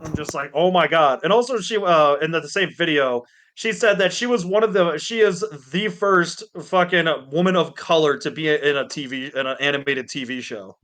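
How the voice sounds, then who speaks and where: Brief: male podcast co-host on a call, bright, punchy, profane ranter. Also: fairly high pitch, moderate pace, few pauses. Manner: ranting, heavy swearing, animated impressions. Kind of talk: casual chat. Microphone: Discord call.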